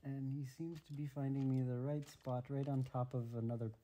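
A man's voice: mid-range voice, fairly even intonation, a little fast, dark tone, a little hiss or hum. A man playing a video game with his son at home, joking and asking lots of bemused questions, recorded on a tablet. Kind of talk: casual gameplay commentary. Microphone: tablet microphone.

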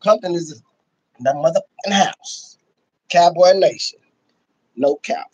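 A man from Dallas, hosting a casual livestream and hyping up his viewers with repeated shout-outs. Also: sits high, unhurried, breathy edge, no echo. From Dallas, Texas. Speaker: livestream host. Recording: dull, lo-fi stream audio.

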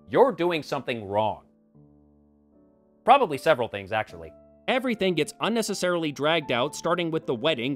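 A man hosting a scripted comedic film commentary, with sarcastic, wry asides. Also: fairly high pitch. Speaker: film review host.

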